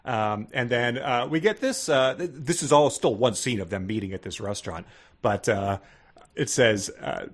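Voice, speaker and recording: A man's voice: medium pitch, animated, moderate pace. A man co-hosting a podcast, recapping a children's book with a dry, sarcastic humor. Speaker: podcast co-host. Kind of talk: casual comedic book review.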